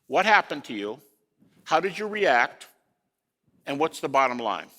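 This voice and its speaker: Animated man lecturing in a hall. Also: on the high side, unhurried. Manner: animated, asks rhetorical questions, folksy asides. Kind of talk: lecture to an audience.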